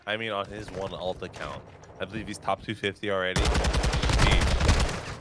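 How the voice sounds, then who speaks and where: A man casting a live online shooter match, excitable and quick to laugh, his voice jumping up on big plays. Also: sits low, heavy background noise. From United States. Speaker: esports caster. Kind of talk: live game commentary.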